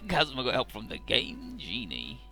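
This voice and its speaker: A man's voice: mid-range voice, huge pitch swings, moderate pace, bright, forceful tone. A man casually narrating a video game playthrough, who rambles with lots of fillers and laughs often. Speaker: let's play commentator. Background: faint game music.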